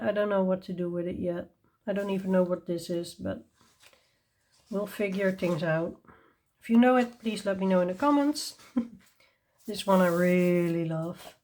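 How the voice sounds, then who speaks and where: A woman speaks at an unhurried, leisurely pace, presenting coloring books to her viewers. Her talk is casual and enthusiastic, with frequent ums and small laughs between thoughts. She sounds a little tired. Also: medium pitch, darkish tone. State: tired and yawning. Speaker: coloring channel host. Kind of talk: casual show-and-tell review.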